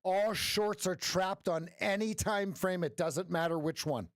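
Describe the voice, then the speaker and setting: A man coaching live trades on a stream, talking straight to viewers and checking in with a quick "right?". His voice sits a little high and is starting to go hoarse. The sound is close and dry, with no room around it. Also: no room sound. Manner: energetic, talks straight to viewers with frequent "right?". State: losing his voice. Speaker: trading coach. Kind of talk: live-stream trading commentary.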